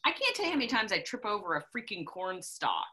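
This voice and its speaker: Middle-aged woman, bright voice, blunt and emphatic, says things twice to hammer them in. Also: mid-range voice, big pitch swings, fast. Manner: emphatic, blunt and repetitive when preaching farm safety. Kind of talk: casual chat.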